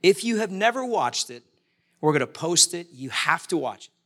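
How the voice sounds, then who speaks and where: A man preaching to his church congregation with a bright, forceful tone and a high-pitched voice. He talks in a conversational way and keeps asking the congregation questions. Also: very animated, normal speed. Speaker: pastor. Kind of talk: sermon. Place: church, live-streamed service.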